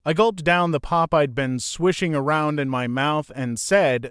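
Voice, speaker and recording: A man reading a novel aloud as audiobook narrator, in a plain, steady first-person storytelling manner. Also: fairly high pitch, normal speed, few pauses, clean tone, no echo, clean studio sound.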